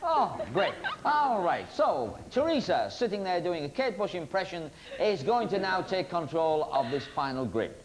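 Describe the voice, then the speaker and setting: A man's voice: high voice, very animated, moderate pace, hardly any pauses. A man hosting a TV quiz show, joking and teasing the contestants. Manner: teasing, jokey banter with contestants. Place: TV studio with audience. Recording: noisy 1990s TV broadcast.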